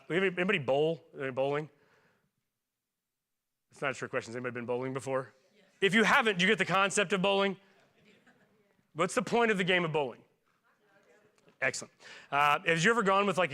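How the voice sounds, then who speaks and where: A pastor in his forties preaching a sermon in a relaxed, conversational way. He jokes and asks the congregation questions. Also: on the high side. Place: church.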